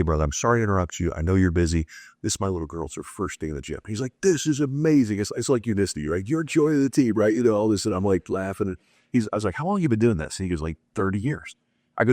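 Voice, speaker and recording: A man's voice: deep voice, dry recording, studio quality. A middle-aged man, a guest on a business interview, telling motivational stories and acting out the dialogue in them. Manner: animated motivational storytelling with acted-out dialogue. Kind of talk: casual interview talk.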